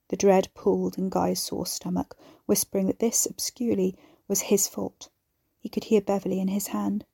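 A woman narrating a serialized story in a steady, measured reading. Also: medium pitch, gravelly, slightly rough, dry recording, studio quality.

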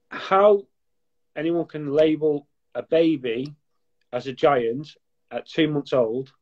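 A man's voice: medium pitch, darkish tone, muffled recording. A man from near Liverpool with a Scouse-sounding northern English accent, a blunt, profane guest chatting on a live video call. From northwest England, near Liverpool. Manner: blunt, profane, banter-heavy. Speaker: guest gecko breeder. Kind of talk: casual, sweary live chat. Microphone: webcam on a live video call.

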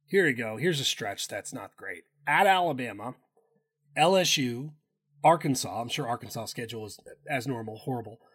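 A man's voice: mid-range voice, expressive, moderate pace, fairly bright tone, slightly rough. A man co-hosting a casual sports betting chat, loose and profane, rambling with restarts. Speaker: podcast co-host.

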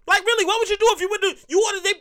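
Woman podcast comic, high bright voice, lively and profane, repeats herself. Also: racing. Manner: profane, animated storytelling with repeated phrases. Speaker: comedian host. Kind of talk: stand-up style podcast monologue.

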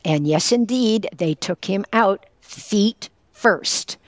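A woman's voice: medium pitch, slow, dry recording. An older woman from northwestern Pennsylvania, a caregiver and former teacher, tells a personal story as an interview guest and speaks with earnest candor. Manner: earnest, candid, tells a personal story and quotes others directly.

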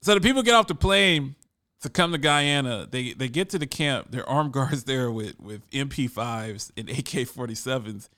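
A man's voice: mid-range voice, moderate pace, bright, forceful tone. A man telling a story in a casual monologue, conversational and often repeating words as he restarts.

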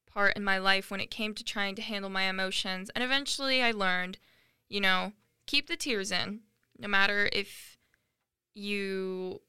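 Teen girl host, candid casual monologue, bright clear tone, dry close sound. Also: mid-range voice, dry recording. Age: teens. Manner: candid, chatty, self-deprecating.

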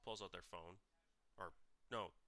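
A man's voice: low-pitched, fairly even intonation, a little slow, bright, forceful tone, no echo. A man hosting a solo podcast, telling personal stories bluntly, with frequent swearing and restarts. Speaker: podcast host.

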